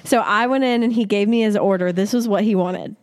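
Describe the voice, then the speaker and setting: A woman co-hosting a casual podcast, her voice sitting at an ordinary middle pitch. She talks bluntly and emphatically, teasing her partner with firm, flat refusals. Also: a little fast, smooth. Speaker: podcast co-host. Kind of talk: casual chat.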